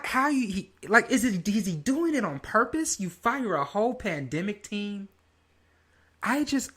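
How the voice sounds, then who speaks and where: A young adult man hosting his own podcast, ranting in a heated, profane, casual way. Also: on the high side. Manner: heated, profane, lively rant. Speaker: podcast host. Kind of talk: casual solo commentary.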